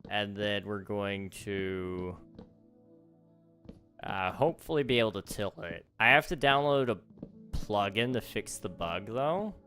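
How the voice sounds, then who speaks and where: A man's voice: on the low side, lively intonation, unhurried, fairly bright tone, soft background music. A young man hosting a live gaming stream, chatting casually, laughing often and answering his chat aloud. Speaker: livestream host.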